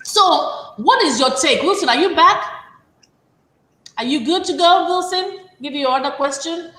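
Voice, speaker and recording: A high-pitched woman hosts an online panel discussion. She speaks in an animated way and asks pointed questions. Her voice carries an echo from the room. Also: normal speed. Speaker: host.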